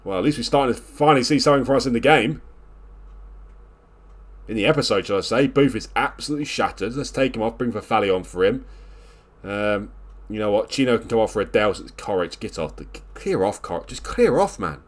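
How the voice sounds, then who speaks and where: A man commentating live on his own video game play, scolding and exasperated, lurching from loud outbursts to low grumbling mutters. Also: fast talker.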